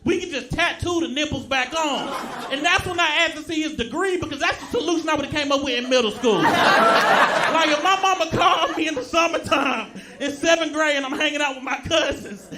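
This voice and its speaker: A stand-up comedian talking in a laid-back, giggly way that turns loud at the punchlines. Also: male voice, very high-pitched, brisk. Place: comedy club stage with audience. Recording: live club recording with crowd noise. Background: audience laughter.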